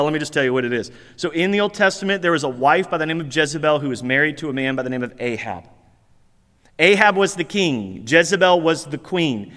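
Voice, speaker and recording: A man's voice: a little high, pushed and bright, in a large hall. A man preaching a sermon as pastor, talking in a conversational, earnest and self-deprecating way.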